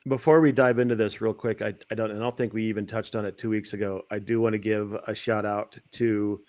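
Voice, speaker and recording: A man chatting casually as a panelist, talking haltingly with many restarts and soft laughs. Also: lowish voice, flat delivery, no room sound. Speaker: podcast panelist. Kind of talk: casual chat.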